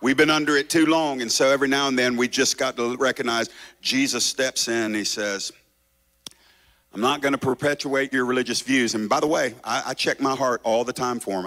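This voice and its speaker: A male pastor delivers a revival sermon in a bright, forceful, mid-range voice at a fairly quick pace. He alternates between loud shouting and hushed, quiet passages, hammering home each point with passion.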